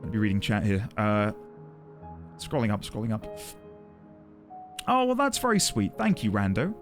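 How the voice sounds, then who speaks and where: Flustered game streamer, lively voice. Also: male voice, lowish voice, normal speed, over music. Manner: rambling, flustered and effusively grateful. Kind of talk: live game stream chat reading.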